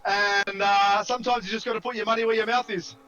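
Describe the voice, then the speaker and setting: A man commentating a sim racing qualifying session live, excitable and jokey, shouting over the big moments. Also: high voice, fast talker, muffled recording.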